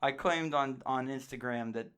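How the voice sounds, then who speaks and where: A young man co-hosting a casual podcast, with a crude, joking way of telling stories. His voice sits at an ordinary middle pitch, and he talks in a loose, offhand manner. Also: moderate pace, fairly bright tone, smooth. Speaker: podcast co-host.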